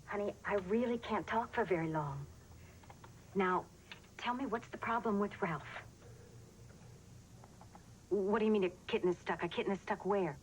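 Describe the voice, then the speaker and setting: A woman's voice: mid-range voice, moderate pace, long pauses, a little hiss or hum, lightly acted. An actress playing a fierce, protective mother who talks her child through a crisis on the phone, then turns on her captors. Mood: soothing. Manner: soothing on the phone, then furious and scolding. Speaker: waitress held hostage. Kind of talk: 1980s sitcom acting.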